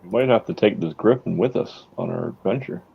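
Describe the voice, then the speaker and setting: A man's voice: deep voice, fairly quick, creaky, slightly rough. A man playing a tabletop game with a dry, laid-back manner. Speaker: tabletop player. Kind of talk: casual play chat. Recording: dull lo-fi audio.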